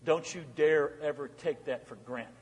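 A man's voice: on the high side, moderate pace, darkish tone. A man preaching a sermon as pastor, emphatic, asking the congregation repeated rhetorical questions. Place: church sanctuary. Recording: long church reverb.

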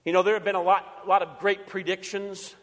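Older male pastor, emphatic sermon delivery, high voice, reverberant hall. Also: little pitch movement, fairly quick, a bit bright. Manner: emphatic, repeats key phrases.

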